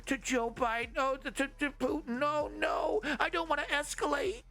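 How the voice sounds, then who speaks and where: A simpering, cowardly old politician whines in a high, sing-song voice, as a man mocks him. The tone is bright and pinched, and faint music plays underneath. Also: steady tone, moderate pace, vocal fry, heavily acted. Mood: whining. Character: whiny, cowardly older male politician.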